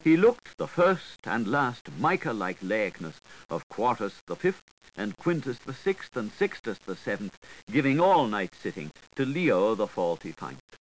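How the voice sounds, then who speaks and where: A man's voice: mid-range voice, big pitch swings, measured pace, a little hiss or hum, poor audio. Man reading dense wordplay with theatrical lilt. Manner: dense wordplay read with theatrical, sing-song intonation. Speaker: reader. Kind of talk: literary reading.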